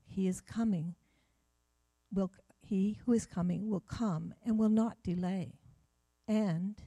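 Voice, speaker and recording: A woman reading scripture aloud in a measured, steady way. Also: fairly low pitch, dry recording. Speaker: scripture reader.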